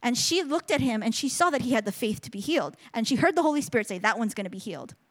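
A woman's voice: a little high, lively intonation, fast. A woman telling a testimony at a church service, earnest and storytelling, often restarting her sentences. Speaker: speaker sharing a testimony. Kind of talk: sermon testimony.

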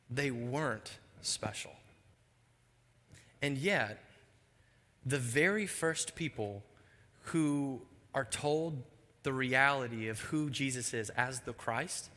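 A man preaching a sermon as pastor, telling stories in a lively way and dropping low and quiet for the solemn points. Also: big-room sound.

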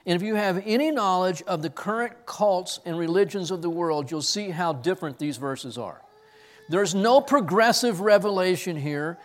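Earnest man preaching a sermon. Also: high voice. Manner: earnest, repeats words while searching for them. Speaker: pastor. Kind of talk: expository sermon with personal story.

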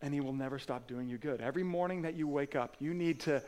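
A man's voice: on the high side, quick pace. A man preaching a sermon as pastor, earnest and conversational, with casual asides and restarts. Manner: earnest, swings from emphatic to soft and quiet.

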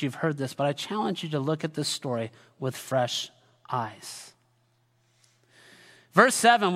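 High-voiced preaching man in a reverberant hall. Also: pushed and bright. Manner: emphatic preaching, calling on the congregation. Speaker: pastor. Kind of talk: sermon.

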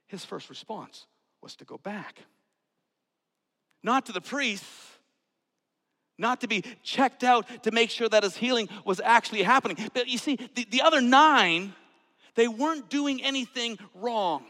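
A man preaching a sermon, swinging from hushed whispers to loud outbursts. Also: very high-pitched, a little slow. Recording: long hall reverb.

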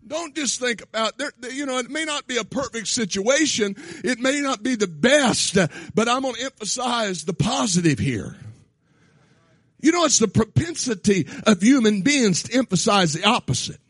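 A man preaching a sermon in a church, shouting his points, then dropping to quiet asides. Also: extremely high pitch, lively intonation, moderate pace, breathy edge, no echo, clean studio sound. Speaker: pastor. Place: church sanctuary.

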